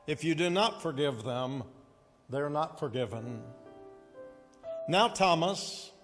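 A pastor preaching a sermon and reading scripture, slow and deliberate, calling on the congregation to answer back. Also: male voice, a little high, big-room sound.

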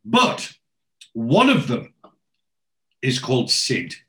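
A man's voice: mid-range voice, huge pitch swings, slow pace, sharp tone. A man hosting a podcast, recapping an episode in a chatty storytelling way. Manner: chatty, storytelling, acts out scenes. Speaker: podcast host.

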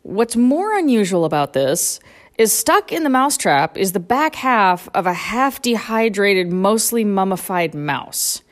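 A woman's voice: mid-range voice, sing-song, a little slow, no room sound, clean studio sound. A woman hosting a podcast, delivering a sarcastic, profane comic rant about her life on a small farm. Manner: sarcastic, ranting, swears freely. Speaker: podcast host.

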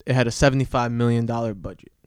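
Young man, podcast host, laid-back, profane, smooth clear voice, dry close recording. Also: medium pitch, very fast, dry recording. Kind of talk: casual chat.

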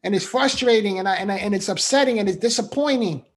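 A man's voice: sits high, quick pace. A man giving an earnest faith-based motivational talk, repeating phrases for emphasis and checking in with "right?", at times emotional. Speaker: motivational speaker.

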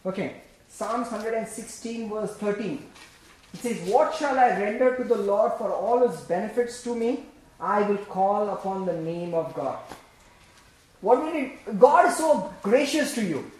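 A man preaching a sermon, swinging between loud, emphatic bursts and quiet, low asides, often laughing as he speaks. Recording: very echoey church hall.

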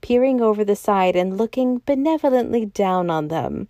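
Lady narrating an old novel for a podcast, warm mellow tone, dry close sound. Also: medium pitch, expressive, moderate pace, no room sound. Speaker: podcast storyteller. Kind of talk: scripted narration of a classic novel.

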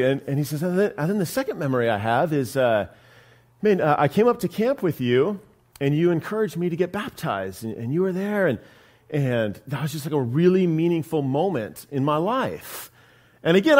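A man from California, a pastor, telling a personal story in a sermon with humor and acted-out voices. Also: high-pitched. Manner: animated storyteller, acts out voices, self-deprecating humor.

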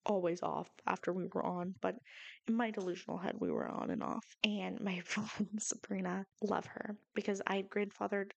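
A woman's voice: mid-range voice, fairly even intonation, moderate pace, gravelly, no room sound, lo-fi sound. A young woman in her twenties recapping a sitcom episode, talking casually with lots of likes and swearing. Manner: chatty, profane, self-deprecating, frequent likes. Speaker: podcast host.

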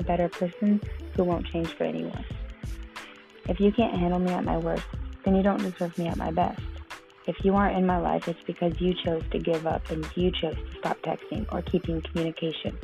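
A woman's voice: fairly low pitch, vocal fry, warm tone, rough recording. A woman earnestly reading a personal reflective monologue from her written notes.

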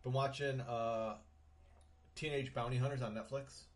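A middle-aged man co-hosting a relaxed podcast conversation. He rambles through his points with frequent ums and restarts, dropping the odd curse word, in a voice of ordinary pitch. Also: normal speed. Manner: rambling, many ums and restarts, swears casually. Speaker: podcast co-host. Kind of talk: casual chat.

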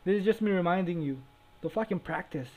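Young guy podcasting, swears a ton, laughy rambling chat, kinda high voice. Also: fast, darkish tone. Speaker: podcast co-host.

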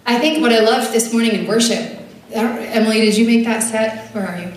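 Speaking briskly in a fairly high voice, a woman at a church service reads scripture and preaches in an earnest, conversational manner with casual fillers. The mic sits far away in a very echoey hall.

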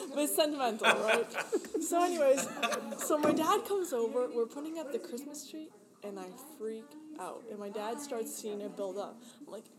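A woman in her late twenties, a podcast guest, telling a candid personal story in an emotional, rambling way with frequent laughter. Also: a little high. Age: 20s.

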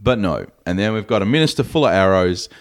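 A man's voice: lowish voice, lively intonation, fast talker. A man hosting a podcast, casually retelling movie scenes and acting out lines. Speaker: podcast host. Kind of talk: casual movie recap chat.

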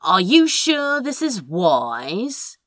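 A woman voicing a haughty male dark sorcerer who intones slowly and pompously, putting on menace. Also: mid-range voice, huge pitch swings, no room sound, exaggerated voice. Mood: menacing.

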